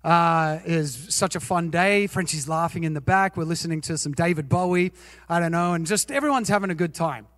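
High-voiced pastor telling a story. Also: male voice, a little fast, no room sound, long reverb tail. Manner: animated, self-mocking, asks the audience questions. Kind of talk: sermon with personal storytelling.

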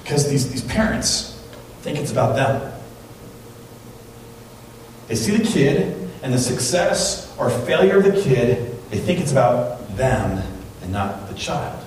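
A man preaching a sermon in a church, talking in a conversational, animated way and acting out the people in his stories. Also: mid-range voice, slow pace, pauses often, far from the mic, slight background noise. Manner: conversational, animated storytelling with quoted voices. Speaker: pastor. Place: church sanctuary. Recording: very echoey hall, voice from off-mic.

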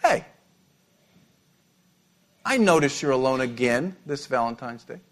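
A preacher voicing a sly male serpent who tempts with low, quiet, insinuating questions. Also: expressive, unhurried.

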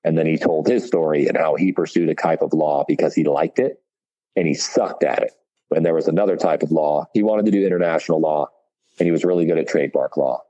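A man's voice: very deep voice, fast, mellow, highs cut off. A man, a chef, telling long stories in a loose, profane way with lots of fillers. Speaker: chef, podcast guest. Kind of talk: casual storytelling.

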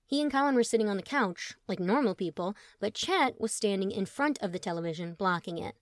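A woman narrating a story audiobook in an expressive, wry manner. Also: mid-range voice, brisk, dry recording, studio quality.

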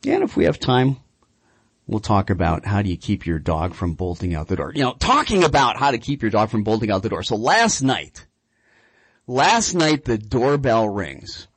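Husky, animated male radio host. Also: fairly low pitch, normal speed, dry recording. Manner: lively, rambling anecdote with repeated words. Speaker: radio show host and dog trainer. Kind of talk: casual radio talk, storytelling.

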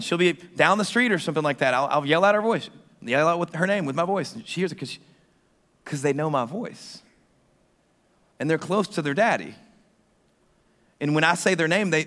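Pastor preaching in a reverberant hall. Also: male voice, medium pitch. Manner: animated storytelling that drops to a hushed, slow delivery. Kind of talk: sermon.

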